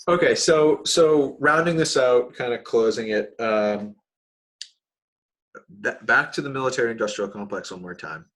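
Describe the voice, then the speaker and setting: A man's voice: mid-range voice, moderate pace, fairly bright tone. A young man hosting a casual podcast chat, rambling with many fillers and restarts. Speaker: podcast host.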